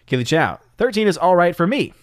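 A man's voice: sits high, sing-song, a little fast, dry recording, studio quality. A man hosting a live stream, chatting casually about movies, reading viewer comments aloud and laughing often. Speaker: livestream host.

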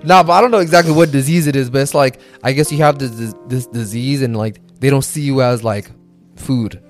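A man's voice: mid-range voice, fairly even intonation, fairly quick, faint music behind. A young man co-hosting a podcast, chatting in a laid-back, slangy way. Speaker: podcast co-host. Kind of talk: casual podcast chat.

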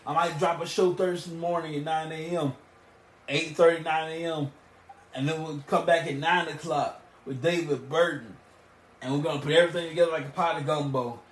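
A man hosting a wrestling podcast on his own, recapping matches and plugging shows in an excitable, rambling way. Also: fairly high pitch, fairly quick, roomy sound. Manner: excitable, rambling, with restarts and emphatic bursts. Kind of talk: solo podcast recap and show plugs.

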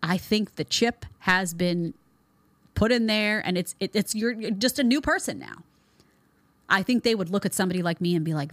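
A woman's voice: fairly low pitch, lively intonation, fairly quick, no room sound. A woman in her thirties hosting a commentary show, blunt and sarcastic in her opinions. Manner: blunt, sarcastic, mocking voices in quotes.

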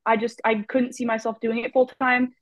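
A woman's voice: fairly high pitch, level tone, brisk, dry recording. A young woman speaking as a podcast guest. She talks openly and chattily, with lots of "like" and "you know". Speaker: guest, personal trainer. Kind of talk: casual podcast chat. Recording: dull lo-fi, very dry sound.

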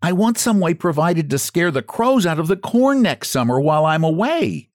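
A man voicing a timid male scarecrow who sobs and pleads in a high, slow voice. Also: very animated, no echo, studio quality. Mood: anxious. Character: sobbing timid male scarecrow, eager to be useful.

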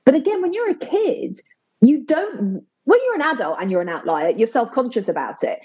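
A middle-aged English woman in a casual interview, telling lively, nostalgic stories and laughing often. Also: a little high, normal speed, slightly rough, lo-fi sound. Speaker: sports broadcaster, guest. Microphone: video call.

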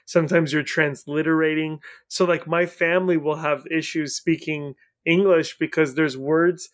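A man hosting a casual podcast chat, his voice sitting a little high for a man. He tells stories in an animated way, stumbling and restarting as he goes, often breaking into laughter. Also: moderate pace. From family of Iranian heritage. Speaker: podcast host.

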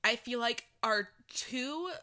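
A woman's voice: a little high, expressive, slow, pushed and bright. A woman co-hosting a podcast, chatting and laughing about a reality dating show. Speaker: podcast co-host.

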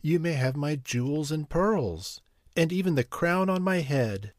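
A man's voice: a little high, lively intonation, a little slow, dry recording, clean studio sound, pitched above the performer's own voice. A man voicing a spoiled young princess who sobs and pleads. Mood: tearful. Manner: sobbing, pleading.

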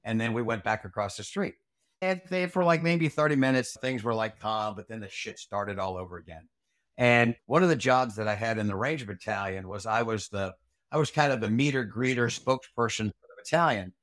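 A man's voice: fairly low pitch, fairly quick, a bit bright, dry recording, studio quality. Rambling retired army ranger man. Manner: rambling, frequent fillers and restarts, salty language. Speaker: retired Army Ranger staff sergeant, interview guest. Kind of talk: casual storytelling interview.

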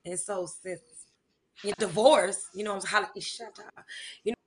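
A woman, a music teacher and songwriter, chatting in an interview and telling animated stories with laughter. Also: mid-range voice, a little slow, background noise. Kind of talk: casual interview chat.

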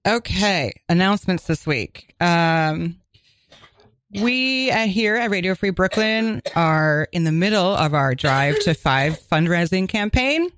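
Chatty radio co-host woman, lowish voice. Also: lively intonation, fairly bright tone, slight background noise. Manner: chatty, quick asides, laughs often. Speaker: co-host of a community radio crime show. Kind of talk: casual chat and on-air announcements. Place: community radio studio. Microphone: studio microphone.

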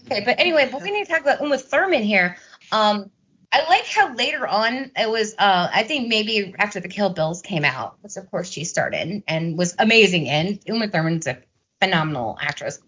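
A woman's voice: medium pitch, animated, brisk, fairly bright tone, dull audio, slight background noise. A woman co-hosting a casual film podcast, swearing freely and acting out scenes as she talks. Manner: swears freely, acts out scenes with quoted voices. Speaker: podcast co-host. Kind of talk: casual film-discussion chat.

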